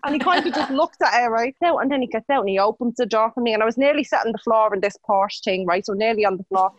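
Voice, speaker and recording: A woman co-hosting a podcast, telling a story in a lively casual way and acting out the people in it. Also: fairly high pitch, quick pace, highs cut off. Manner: animated, acts out voices in her anecdotes. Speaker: podcast co-host.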